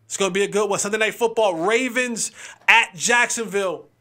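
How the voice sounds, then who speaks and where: A man with a high, bright, forceful voice hosts a sports show. He runs through his game picks in a loose, playful chat. He stacks up repeated lines to drive each pick home. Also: brisk. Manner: animated and playful, repeats phrases for emphasis.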